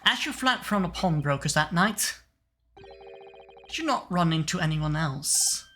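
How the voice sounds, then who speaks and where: A woman's voice: lowish voice, animated, a little slow, sharp tone, a little hiss or hum. A woman voicing an earnest young male defense lawyer who asks probing, questioning lines.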